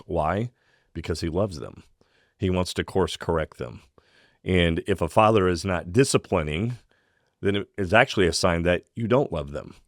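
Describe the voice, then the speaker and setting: A man co-hosting a faith podcast, talking in an earnest, measured way and reading scripture aloud. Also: low voice, dry recording, studio quality. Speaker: podcast co-host. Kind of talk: faith-based casual discussion.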